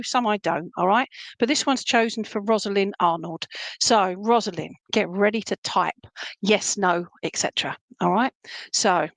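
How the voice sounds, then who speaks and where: A woman's voice: medium pitch, fairly bright tone, no room sound. A chatty woman with an Essex accent hosts a live stream as a medium, greeting viewers and easing into readings with plenty of ums and restarts. Her voice sits in a middle range and is recorded close and dry, with no room sound around it. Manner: chatty, many fillers and restarts, reads viewer comments aloud.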